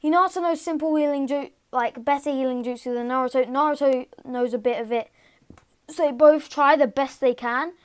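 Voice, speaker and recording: A woman casually retelling a fan story in a rambling, halting way, full of fillers and restarts. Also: high-pitched.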